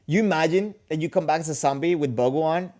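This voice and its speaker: A man's voice: fairly high pitch, fast talker, a little mellow. A man hosting a casual livestream, answering viewer comments and questions in a rambling, joking way with many restarts. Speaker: kendo livestream host.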